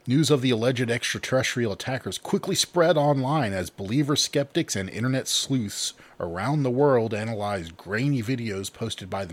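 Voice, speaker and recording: A man co-hosting a casual podcast, reading news quotes aloud and laughing at his own slips. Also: fairly low pitch. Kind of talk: casual chat.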